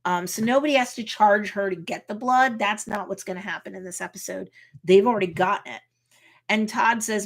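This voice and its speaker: A woman's voice: medium pitch, a little fast. A woman attorney chatting casually as she reacts to and retells a TV episode, often tagging her points with "right?" and "like". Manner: chatty, retells scenes, tags lines with "right?" and "like".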